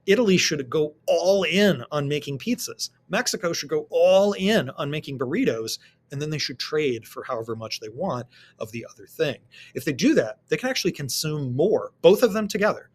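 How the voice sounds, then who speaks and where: A man's voice: a little high, big pitch swings, moderate pace. A man teaching a recorded lesson, walking students through worked problems and answering his own rhetorical questions.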